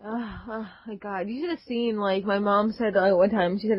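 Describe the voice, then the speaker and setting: A woman's voice: mid-range voice, fairly even intonation, moderate pace, few pauses, dry recording. A woman co-hosting a casual podcast chat, gushing and giggling, with lots of "like" and "um.". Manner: gushing, giggly, filler-heavy. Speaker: podcast co-host. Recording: dry, dull lo-fi audio.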